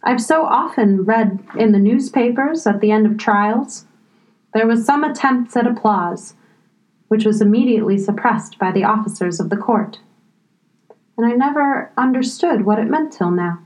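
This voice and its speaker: A woman's voice: a little high, animated, moderate pace, a little mellow, natural voice. A woman reading a storybook, voicing a curious young girl thinking aloud. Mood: musing.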